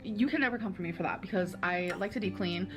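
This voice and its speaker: Over music, a woman video blogger speaks earnestly in a confessional vlog, going slowly and drawing out her words. Her voice is medium-pitched.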